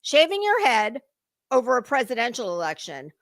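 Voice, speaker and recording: A woman's voice: a little high, huge pitch swings, moderate pace, fairly bright tone, dry recording, clean studio sound. A middle-aged woman hosting a casual political commentary livestream, chatty, blunt and profane as she talks to her chat viewers. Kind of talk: casual live-stream chat.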